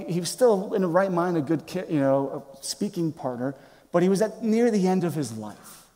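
A man preaching a sermon as pastor, impassioned, swinging from loud emphasis to hushed near-whispers and often restarting his words. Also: sits high. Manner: repeats and restarts words as he speaks. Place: church sanctuary. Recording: long reverb of a large church hall.

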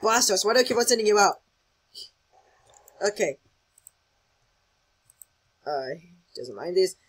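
A host giving casual gameplay commentary, excitable and rambling, thinking aloud as they play. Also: mid-range voice, measured pace, breathy edge, poor audio. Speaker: gaming channel host.

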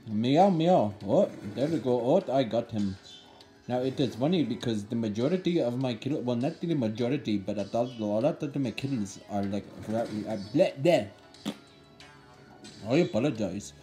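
A man's voice: mid-range voice, animated, normal speed, dark tone, soft background music, lightly acted. A man voicing a playful gamer character in a put-on Indian accent, giving jokey, loosely cursing gameplay commentary. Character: young man faking a heavy accent while gaming.

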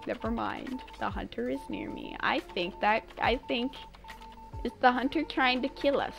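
A woman's voice: on the high side, wildly swooping pitch, normal speed, vocal fry, a bit bright. A young woman streaming a game, chatting playfully with her viewers, giggling and humming made-up tunes. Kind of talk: casual live-stream chatter while gaming. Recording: faint game music behind.

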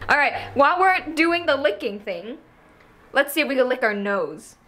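A woman's voice: sits high, big pitch swings, moderate pace, bright, forceful tone. A young woman hosting a casual vlog, chatty and often breaking into giggles. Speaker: vlog host. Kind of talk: casual chat.

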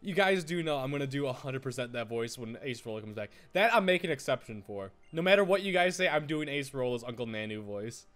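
A man giving casual, excitable let's-play commentary, rambling with frequent stammered restarts. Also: mid-range voice, a little fast, hardly any pauses. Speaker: gaming YouTuber.

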